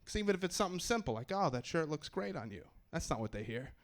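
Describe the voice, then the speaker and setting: Young male stand-up comic, fairly high voice, wry and self-deprecating. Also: big pitch swings, quick pace. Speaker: stand-up comedian. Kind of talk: stand-up comedy set. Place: comedy club stage in New York.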